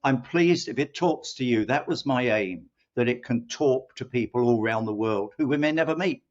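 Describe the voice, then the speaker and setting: A middle-aged man talks at a middle pitch, wandering through anecdotes and slipping into the voices of the people he quotes. The sound is a little dull and muffled. He has a loose, chatty interview manner. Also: normal speed. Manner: rambling storyteller who acts out quoted voices. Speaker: guest, co-founder of a training company. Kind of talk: casual interview talk.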